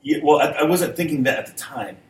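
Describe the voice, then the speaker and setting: A man's voice: a little high, lively intonation, fast. A middle-aged man, co-hosting a podcast, rambling and often laughing in casual chat. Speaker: podcast co-host. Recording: roomy, distant mic with faint noise.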